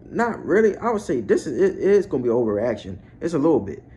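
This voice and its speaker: A young man vlogging a heated fan rant about his football team, swearing and breaking into near-yells when he gets outraged. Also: a little high, big pitch swings, quick pace. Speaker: YouTube sports vlogger.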